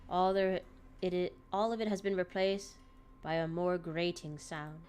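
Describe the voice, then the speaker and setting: A woman's voice: fairly low pitch, steady tone, a little slow, darkish tone, clear, resonant tone, faint music behind. A woman streamer reading a visual novel aloud dramatically, breaking off with laughing asides.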